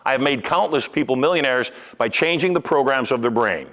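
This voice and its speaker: An older man giving a live seminar talk as a hypnotist and motivational speaker, with animated, punchy delivery that swings between loud emphasis and low asides. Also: a little fast. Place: large event room with a live audience.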